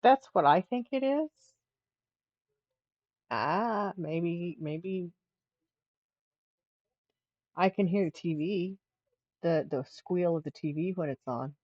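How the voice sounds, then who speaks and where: A woman's voice: deep voice, no echo, dull audio. A middle-aged woman hosting a livestream, telling a rambling story in casual chat with frequent restarts. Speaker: livestream host.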